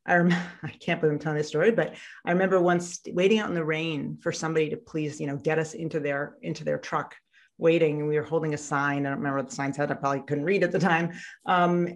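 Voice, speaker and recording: A woman guest on an interview podcast, telling a painful childhood story in a halting, reflective way with many fillers and restarts. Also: low voice. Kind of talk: candid personal storytelling in an interview.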